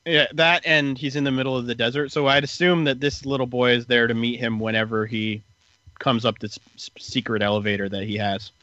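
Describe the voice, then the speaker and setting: A man's voice: medium pitch, fairly even intonation, brisk, sharp tone, dry recording, lo-fi sound. A man casually retelling story events in a podcast chat, rambling with lots of fillers.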